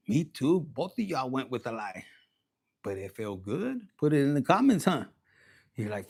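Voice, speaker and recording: A man giving a casual livestream tarot reading, profane and animated, dropping into Spanish slang. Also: a little high, normal speed, vocal fry. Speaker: tarot reader.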